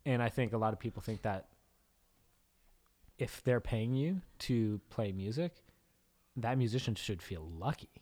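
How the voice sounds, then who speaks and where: A man's voice: fairly low pitch, a little slow, pauses often, mellow. A man talking as a guest on a podcast in casual chat, agreeing with the host and adding his own views. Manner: agreeable, backs up the host with short replies.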